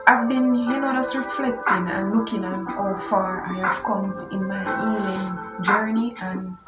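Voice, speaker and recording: A woman vlogger talking in a casual, chatty way, often filling with "you know" and "guys". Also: medium pitch. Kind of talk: casual chat. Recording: echoey room with loud music.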